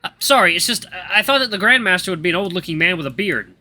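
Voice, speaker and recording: A man's voice: high-pitched, animated, quick pace, voice pushed up, exaggerated voice. A man voicing an eager young fox student. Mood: excited. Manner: eager, loud, blurting.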